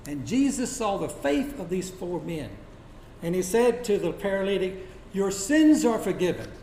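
A man preaching a sermon, telling Bible stories dramatically and dropping to a hush for quoted lines. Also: high-pitched. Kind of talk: sermon storytelling. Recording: echoey room with faint noise.

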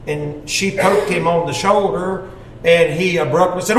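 High-voiced preacher in an echoey hall. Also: male voice, fairly even intonation, a little slow. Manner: folksy storyteller, acts out quotes with loud shouts. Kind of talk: sermon testimony storytelling. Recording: echoey hall, mic far off.

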